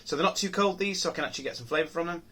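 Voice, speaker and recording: A man's voice: a little high, racing, pushed and bright, slightly rough. A man reviewing beer on his own channel, talking casually and musing aloud with many ums, restarts and rhetorical questions.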